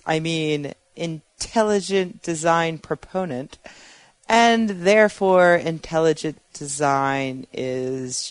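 A woman's voice: sits low, takes it slowly, no echo. A woman co-hosting a podcast in casual panel chat, talking in a chatty, sardonic way and laughing often. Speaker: podcast co-host.

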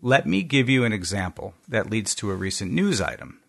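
A man's voice: on the low side, very animated, fairly quick, vocal fry. A man from the United States, a podcast co-host, presenting a segment in a wry, joking way during a casual panel chat. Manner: wry, jokey delivery of a prepared segment.

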